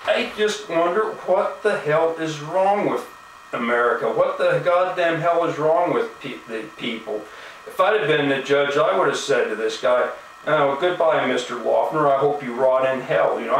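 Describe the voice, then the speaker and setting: A man's voice: medium pitch, fairly bright tone, a little hiss or hum. A man delivering an angry, profane video-blog rant, full of indignation and "you know" fillers. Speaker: video blogger. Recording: echoey room, mic at a distance.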